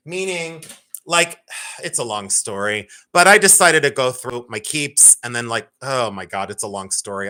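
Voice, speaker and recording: Host for a live jewelry stream: a man, bright and animated, joking and teasing viewers, swears casually. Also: mid-range voice. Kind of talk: live-stream sales chat.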